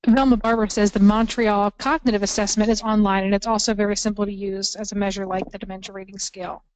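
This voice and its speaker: A woman's voice: mid-range voice, little pitch movement, fast, darkish tone, no room sound, poor audio. A woman in the audience of a lecture, asking the presenter plain questions and passing on a comment.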